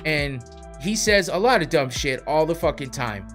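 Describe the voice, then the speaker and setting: A man's voice: a little high, lively intonation, moderate pace, a bit bright, faint music behind. A man hosting a podcast, ranting in a heated, profane way. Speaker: podcast host. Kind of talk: casual podcast rant.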